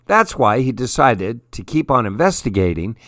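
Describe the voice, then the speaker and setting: A man reading picture books aloud as a program's storyteller, gentle and expressive. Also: medium pitch, moderate pace, no echo, studio quality. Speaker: radio storyteller. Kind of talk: read-aloud storybook narration.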